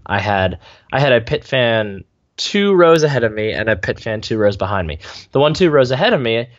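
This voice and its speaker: Deadpan male co-host on a dull line. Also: lowish voice. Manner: dry, deadpan humor. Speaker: podcast co-host. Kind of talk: casual sports podcast chat. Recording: slightly dull lo-fi sound.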